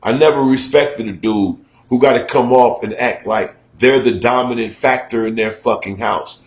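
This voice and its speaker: A middle-aged man giving a candid, profane talk-show monologue, emphatic and conversational, getting loud when he is worked up. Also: mid-range voice, normal speed, reverberant, dull audio. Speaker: radio talk show host.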